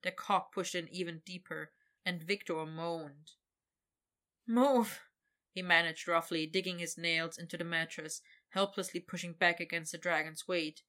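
A woman reading an adult story aloud as narrator in a steady, intimate manner. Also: on the low side, moderate pace.

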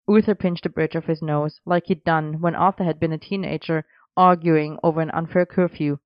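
A reader narrating a story in an even, measured way, in a dry, slightly dull recording. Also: medium pitch, no room sound. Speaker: audiobook reader.

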